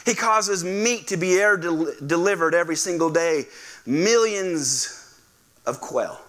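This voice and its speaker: A male pastor preaching a lively sermon, acting out voices and calling on the congregation to respond. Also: high voice, measured pace. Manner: animated, acts out quoted voices, asks the congregation to respond. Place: church sanctuary.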